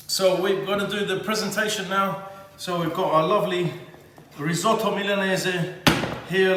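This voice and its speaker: A man's voice: high-pitched, a bit bright. A man hosting a home cooking demonstration, theatrical and exuberant, talking straight to his viewers. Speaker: cooking show host. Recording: very echoey kitchen with long reverb.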